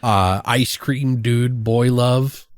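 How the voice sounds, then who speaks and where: A man co-hosting a podcast, retelling a movie's scenes in a casual, excited way with lots of swearing and acted-out lines. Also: medium pitch, drawn-out words, dry recording. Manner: excited, profane storytelling, acts out film lines. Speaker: podcast co-host. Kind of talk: casual movie review chat.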